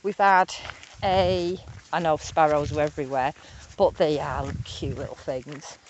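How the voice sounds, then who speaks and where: A woman, vlogging casually and excitedly about wildlife while walking on a rural hillside. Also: low voice, a little slow, dull audio, a little hiss or hum. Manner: chatty, excitable, rambling. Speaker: nature vlogger.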